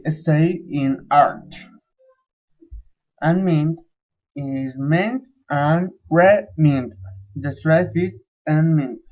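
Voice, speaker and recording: A man with Spanish as his first language talks through a class presentation at a slow, halting pace, stepping through numbered points. His voice sits a touch high for a man. The sound is thin and narrow, like a phone line. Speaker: student presenter.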